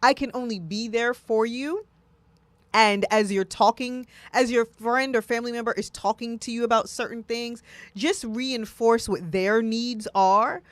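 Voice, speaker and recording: A woman talking casually on a talk show, animated and often acting out what she or others would say. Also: fairly high pitch, unhurried, no echo. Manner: animated, acts out quoted voices.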